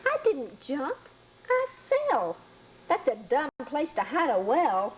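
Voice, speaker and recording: A woman's voice: high-pitched, huge pitch swings, takes it slowly, pitched above the performer's own voice, exaggerated voice, rough recording. A woman voicing a flustered young boy who sputters indignantly.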